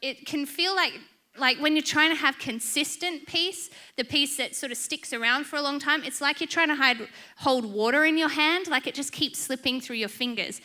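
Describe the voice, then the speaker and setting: A woman giving a sermon, telling personal stories in a lively, humorous, chatty way. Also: sits high, normal speed. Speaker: church speaker.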